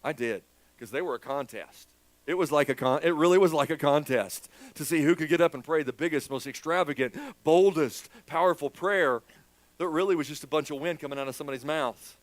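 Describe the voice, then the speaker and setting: Male pastor, sermon delivery, a touch high-pitched, dry close sound, candid and self-mocking. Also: fairly quick, no echo, poor audio. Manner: candid, joking and self-deprecating, talking to a congregation. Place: church.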